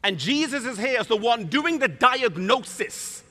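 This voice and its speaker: A man preaching a sermon in an animated way, acting out scripture with voices. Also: extremely high pitch, a little slow. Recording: reverberant hall.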